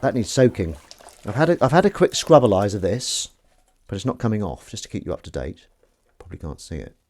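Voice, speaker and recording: A man rambles through a casual live-stream chat, his pitch rising and falling with playful swings. He teases commenters with mock indignation and drifts between topics in a loose, joking way. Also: a little mellow, slight background noise.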